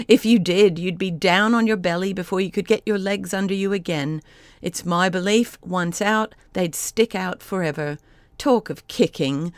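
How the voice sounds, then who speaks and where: A gruff, scornful old cab horse, as a woman reads him in a storybook, blunt and scolding at a mid pitch. The voice is close and dry, with no room around it, and the delivery stays plain rather than strongly characterised. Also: dry recording, lightly acted. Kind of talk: audiobook character voice.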